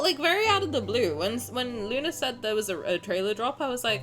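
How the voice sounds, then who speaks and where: A woman streamer chatting casually and excitably while reacting to a game, often swearing and gushing. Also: on the high side, fast, hardly any pauses. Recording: faint game music underneath. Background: game music.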